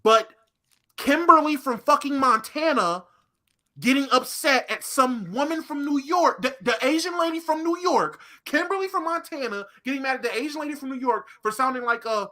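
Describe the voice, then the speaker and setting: High-voiced ranting man. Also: lively intonation, moderate pace, sharp tone. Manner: ranting, emphatic, swears a lot. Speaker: podcast co-host. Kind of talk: heated casual podcast chat.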